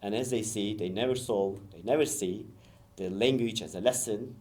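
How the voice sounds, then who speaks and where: A man's voice: fairly low pitch, normal speed, darkish tone. A man with a Turkish accent, an English teacher hosting a casual school podcast and asking students questions one word at a time. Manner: questioning, encouraging, says each word one by one.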